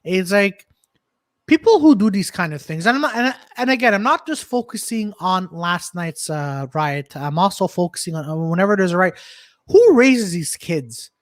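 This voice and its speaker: A man co-hosting a casual podcast, blunt and profane, firing off animated questions. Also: sits high, moderate pace, no room sound, clean studio sound. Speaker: podcast co-host. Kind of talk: casual talk show chat.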